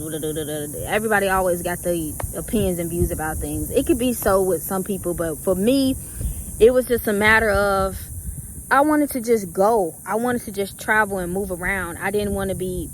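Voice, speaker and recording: A young adult woman casually telling a personal story to her viewers, acting out her own past reactions in a conversational, drawn-out way. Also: mid-range voice, slight background noise. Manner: conversational, drawn-out speech with fillers. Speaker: vlogger.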